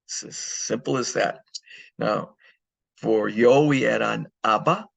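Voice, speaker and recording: Gravelly man teaching a grammar lesson. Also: on the low side, takes it slowly, dry recording. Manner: explains step by step, poses and answers his own questions. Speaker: Spanish teacher.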